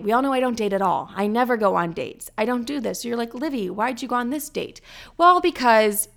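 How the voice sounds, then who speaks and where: Young woman, 20s, solo podcast host: blunt and foul-mouthed, slightly high, smooth clear voice. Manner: blunt, profane, animated storytelling. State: recovering from illness. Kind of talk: casual solo podcast monologue.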